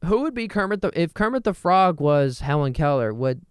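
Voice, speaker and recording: A man's voice: a little high, sing-song, brisk, clear, resonant tone. A young adult man hosting a solo podcast, rambling and joking as he jumps from thought to thought, talking into a close mic. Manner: rambling, jokey, self-interrupting. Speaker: podcast host. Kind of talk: solo comedic podcast monologue.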